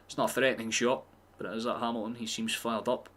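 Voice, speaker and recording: A man's voice: mid-range voice, flat delivery, quick pace, a bit bright. A man streaming a live football watchalong, chatting casually and swearing freely as he reacts to the match.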